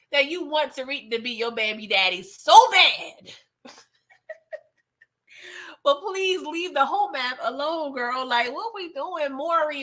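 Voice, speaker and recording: A high-pitched woman recaps a TV drama episode in loose, slangy chat, laughing often and throwing in sassy asides. Her voice is bright and sharp, with a teasing, playful bite. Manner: slangy, laughs often, playful sass, acts out quoted dialogue. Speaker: TV recap host.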